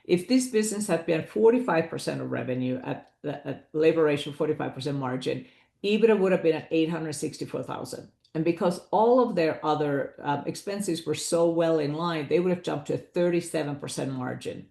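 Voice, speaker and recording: A woman's voice: deep voice, brisk, vocal fry, mellow, echoey room. A woman presenting a business valuation webinar, explaining figures in a conversational way with asides to her audience.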